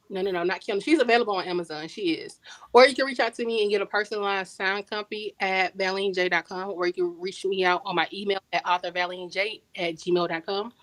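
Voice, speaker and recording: A woman's voice: medium pitch, fairly bright tone, no room sound, rough recording. A woman author talks on a podcast in a mid-range voice. She tells stories in loose, slangy speech and repeats words to drive a point home. The sound is dry and close, with no room around it. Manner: emphatic, repeats words for stress; storytelling, conversational slang. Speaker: guest author. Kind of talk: casual podcast interview.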